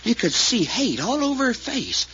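A hesitant country witness with a drawl, lively pitch, dull old recording. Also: male voice, moderate pace, full character voice. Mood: earnest. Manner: drawling, hesitant, plainspoken storyteller. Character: folksy rural male witness called Doc. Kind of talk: 1940s radio acting. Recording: dull old radio recording, faint hiss.

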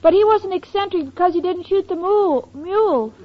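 A woman's voice: very high-pitched, fairly quick. An actress playing a scatterbrained, sweet young woman in a 1940s radio comedy, speaking with a naive, literal-minded manner over a lo-fi recording. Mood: dreamy. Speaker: comic lead. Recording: lo-fi noisy old radio recording.

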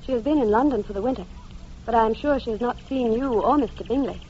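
An actress voices a sharp-witted young gentlewoman in a radio drama, high-voiced and poised. She keeps a cool, pointed politeness in every line. The sound is dull and lo-fi, with a faint hiss under it. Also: quick pace, lightly acted. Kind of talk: radio play acting.

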